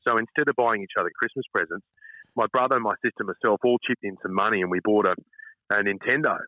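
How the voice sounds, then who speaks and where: A middle-aged man with an Australian accent, telling casual stories as an interview guest, animated and calling the listener mate. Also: lowish voice, fast, no echo. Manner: chatty, animated anecdotes, calls listener mate. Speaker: radio host, interview guest. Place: outdoors at front of his house. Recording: dull lo-fi dry line.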